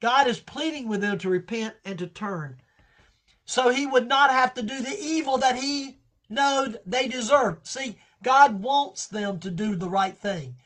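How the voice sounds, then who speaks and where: A man teaching a Bible study in an impassioned preaching style. He pleads with his listeners and swings from quiet, low lines to shouted ones. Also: unhurried.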